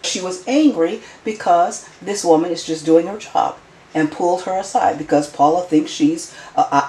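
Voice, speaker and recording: Woman commentator, emphatic critic, low voice with lively swings, echoey room. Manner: emphatic, repeats points.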